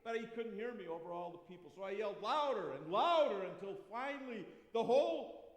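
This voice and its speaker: A man preaching a first-person dramatic monologue, telling the story with long pauses and sudden shifts between soft and loud. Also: high voice, expressive. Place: church sanctuary. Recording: echoey church with long reverb.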